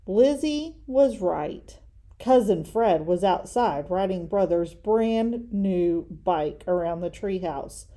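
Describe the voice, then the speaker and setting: A woman reads a children's picture book aloud. Her delivery is slow and expressive, with a lively rise and fall. Her tone is mellow and warm. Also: medium pitch. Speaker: story reader. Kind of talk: children's storybook reading.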